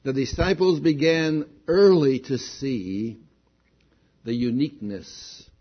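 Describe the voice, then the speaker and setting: Male preacher, slow delivery, husky voice, dull lo-fi recording. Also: medium pitch. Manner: slow, deliberate preaching that swells with excitement on key points. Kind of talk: sermon.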